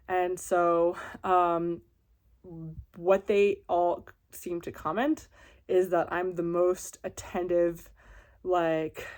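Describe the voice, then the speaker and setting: A woman's voice: fairly low pitch, darkish tone. A woman vlogger telling a long, rambling story full of fillers and restarts, retelling in an anxious, worked-up way. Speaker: vlogger and landlord. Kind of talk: casual storytelling vlog.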